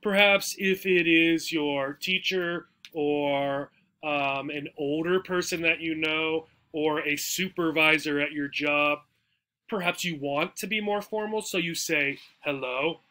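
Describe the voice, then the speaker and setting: A man's voice: fairly high pitch, steady tone, slow pace, sharp tone. A man teaching English, walking through a textbook dialogue in a chatty way and often checking in with "right?" and "okay?".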